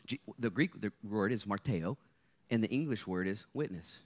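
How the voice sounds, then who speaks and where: A man, a guest speaker, preaching a lively sermon to students at a live gathering, playful and energetic, jumping from loud bursts to hushed asides. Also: fairly low pitch, normal speed.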